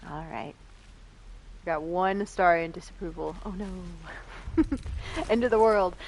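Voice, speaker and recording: A woman's voice: lowish voice, slow, darkish tone, a little hiss or hum. Giggly young woman streaming a game. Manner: giggly, laughs often; reads dialogue options aloud. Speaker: streamer playing a video game. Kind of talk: casual let's-play commentary.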